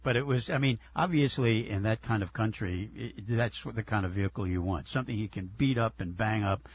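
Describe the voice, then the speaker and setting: Male interview host, husky, halting questioner, muffled lo-fi audio. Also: on the low side. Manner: halting, repeats words as he asks questions. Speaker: radio host. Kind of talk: radio interview.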